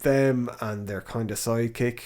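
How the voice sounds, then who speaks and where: An Irish man co-hosting a casual podcast with a voice of middling pitch. He rambles loosely through his points, backtracking and swearing often as he goes. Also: fairly even intonation, moderate pace, a little mellow. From Ireland. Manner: rambling, frequent swearing and fillers. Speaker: podcast co-host. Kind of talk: casual film chat.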